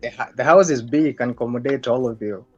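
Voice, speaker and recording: A man's voice: medium pitch, a loud crowd. Kenyan guy on a video call, stops and repeats himself a lot, kinda muffled audio. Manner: halting, repeats words, laughs often. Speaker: guest poet. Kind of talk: casual video call chat.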